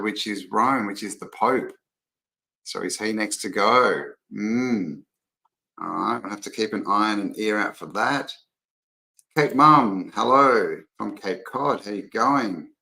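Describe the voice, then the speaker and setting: A man's voice: fairly low pitch, vocal fry, pushed and bright, rough recording. An Australian man hosting a casual livestream, rambling chattily and greeting viewers by name as he reads their comments. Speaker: livestream host.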